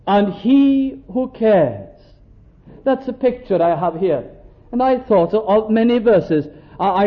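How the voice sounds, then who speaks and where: A man preaching a sermon in a gentle, earnest way, reading scripture aloud and pausing with frequent fillers. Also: sits high. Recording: dull lo-fi recording.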